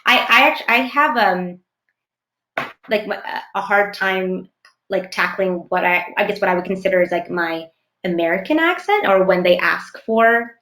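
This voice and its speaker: Actress guest, mid pitch, thoughtful and wordy, a bit of room echo. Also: female voice, lively intonation, moderate pace, bright, forceful tone, a little hiss or hum. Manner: thoughtful, searching for words with many fillers. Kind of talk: casual interview chat.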